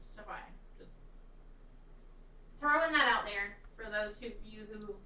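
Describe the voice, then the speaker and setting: A woman's voice: mid-range voice, normal speed, sharp tone. A woman from the American South co-hosting a casual chat, with playful, teasing banter. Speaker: co-host. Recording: echoey room, distant from mic.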